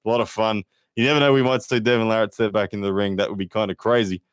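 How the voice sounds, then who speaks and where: A man's voice: on the low side, fairly even intonation, fast talker, clear, resonant tone, no room sound, clean studio sound. Man chatting on a live stream. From Australia. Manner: chatty, reads out viewer comments, frequent fillers. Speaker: livestream host and arm wrestler. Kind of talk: casual live-stream chat.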